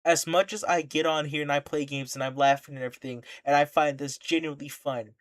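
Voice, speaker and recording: A streamer with a mid-register voice delivers an angry reaction rant at a fast clip, holding a steady tone. He's indignant and impassioned, firing off rhetorical questions and repeating emphatic lines for effect.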